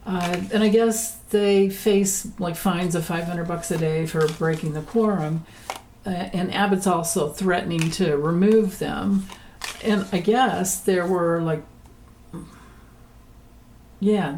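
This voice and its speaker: A woman's voice: mid-range voice, dark tone, slight background noise, rough recording. A woman giving a casual political tarot reading, chatty and rambling, often laughing between points. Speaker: tarot reader.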